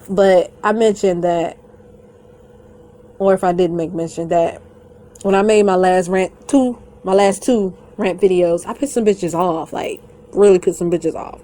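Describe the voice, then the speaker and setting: A woman's voice: lowish voice, warm tone. A woman vlogger in a blunt, profane rant who talks straight to her viewers, rambles and keeps swearing. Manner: blunt and defiant, swears constantly, breaks into laughter; rambling and conversational, addresses viewers directly. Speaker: YouTuber.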